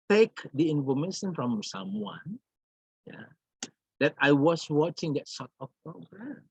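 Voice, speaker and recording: A man teaching an English grammar lesson, slowly repeating words and examples with many fillers. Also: on the high side, big pitch swings, slightly rough, dry recording. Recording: dull, lo-fi.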